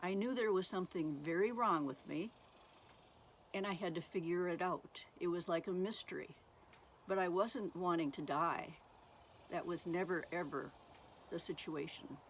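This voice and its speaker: A woman author giving an earnest, measured Christian testimony and reading passages aloud from her own book. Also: fairly low pitch, a little hiss or hum.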